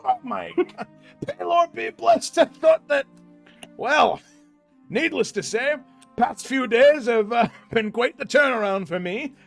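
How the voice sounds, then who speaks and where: A man voicing a loud, drunken, barrel-chested brute who bellows and swears. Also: very high-pitched, lively intonation, slow pace, vocal fry, faint music behind, pitched above the performer's own voice, exaggerated voice. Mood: drunken cheer. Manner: bellowing, shouting. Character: loud drunken burly middle-aged man, brash.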